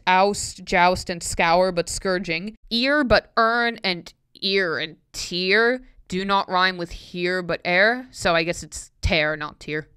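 A woman works slowly through a tricky pronunciation poem, one word at a time, catching her own slips and tossing in dry little asides. Her voice is very smooth and clear. The sound is close and dry, with no room around it. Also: mid-range voice, fairly bright tone, no echo. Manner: halting word-by-word reading, stumbling and self-correcting with wry asides. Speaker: YouTuber. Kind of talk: reading a pronunciation poem aloud.

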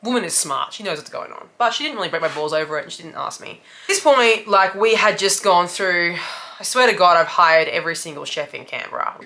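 A young woman speaking candidly about her worst moment as a business owner. Her voice is bright and crisp. She swears freely and laughs ruefully through painful memories, sounding close to tears at times. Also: fairly low pitch, expressive, brisk. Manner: raw, confessional, swearing often, laughing through hard memories. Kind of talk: candid personal storytelling.

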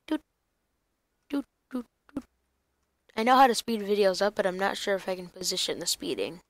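A woman's voice: mid-range voice, fast talker, dry recording. Young woman rambling thru her game vid, goofy sing-song bits, dry close mic. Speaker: gaming YouTuber. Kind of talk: casual gaming commentary.

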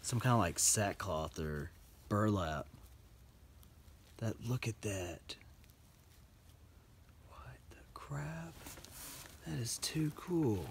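Excited man unboxing finds. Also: lowish voice, slow, pauses often. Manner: excited, chatty, drops into whispers. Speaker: storage unit buyer and vlog host. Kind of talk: casual unboxing commentary. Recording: noisy handheld recording with paper crinkling.

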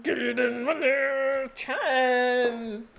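Excitable woman hosting a reaction video. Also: high-pitched, extremely slow, over loud music. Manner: excitable, playful, teasing exclamations. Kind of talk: casual reaction commentary.

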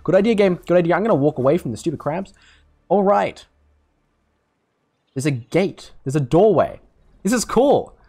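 A man's voice: on the high side, animated, normal speed, pauses often, mellow, breathy edge. A young man giving casual, jokey gameplay commentary, rambling and swearing as he plays. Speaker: gaming YouTuber.

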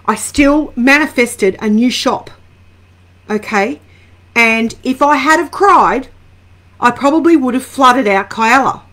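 A woman's voice: high-pitched, slow, a bit bright. A middle-aged Australian woman doing a casual live-stream angel card reading, greeting viewers by name and drifting into rambling personal asides.

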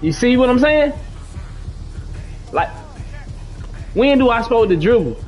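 A man's voice: very high voice, big pitch swings, unhurried, darkish tone, soft background music. A young man streaming a basketball video game, coaching and scolding his teammates in casual, slangy, profane talk. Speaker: gaming streamer. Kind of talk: live gameplay chat with teammates.

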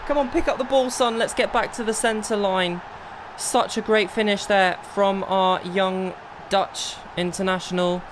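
A young man commentating his own football video game, bursting into exasperated shouts and then settling into calm planning. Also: sits high, unhurried, background noise. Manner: excitable, swings between exasperated outbursts and calm planning. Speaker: gaming video creator. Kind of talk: live gameplay commentary.

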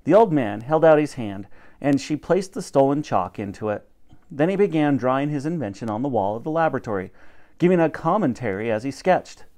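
A man reading a children's chapter book aloud as storyteller, expressive and theatrical. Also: a little fast. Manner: expressive, animated, lowers voice for narration.

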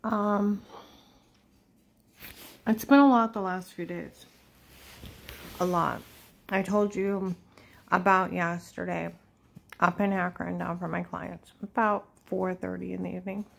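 Flat-toned rambling woman. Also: fairly low pitch, measured pace, vocal fry, long pauses, poor audio. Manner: rambling, repetitive and agitated. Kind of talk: personal monologue to camera.

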